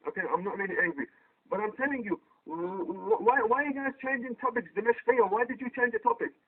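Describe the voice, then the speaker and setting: A man's voice: extremely high pitch, animated, fast talker, slightly rough. A man in a heated online debate, pressing his opponent with repeated, insistent questions. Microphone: poor quality microphone. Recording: tinny phone-like voice chat line.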